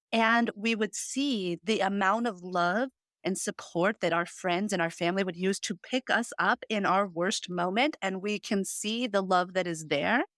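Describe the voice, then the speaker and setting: A woman's voice: medium pitch, a bit bright, no room sound. A woman in her thirties hosting a podcast, telling a personal story in an earnest, heartfelt way with lots of fillers. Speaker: podcast host. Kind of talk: casual chat.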